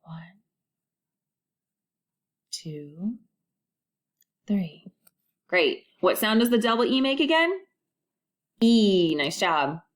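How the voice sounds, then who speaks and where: A woman teacher records a phonics lesson for first graders. She speaks slowly and sounds out each vowel clearly. She keeps prompting the children to repeat after her and encourages them as they go. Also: medium pitch, big pitch swings, a bit bright.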